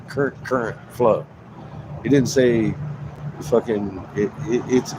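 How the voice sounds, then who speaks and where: A man's voice: medium pitch, slow pace, pauses often, noisy background. A man livestreaming a rambling, profane rant, swearing constantly, repeating himself and laughing between points.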